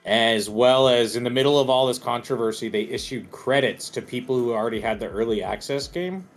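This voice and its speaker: A man's voice: mid-range voice, a little fast. Man co-hosting, wry asides. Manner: wry, reads out news aloud. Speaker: podcast co-host. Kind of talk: casual podcast chat.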